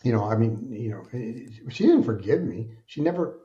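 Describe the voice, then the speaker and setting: A middle-aged man who is a podcast guest, telling his personal story in an earnest, colloquial and animated way. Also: mid-range voice, moderate pace. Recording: dull lo-fi sound.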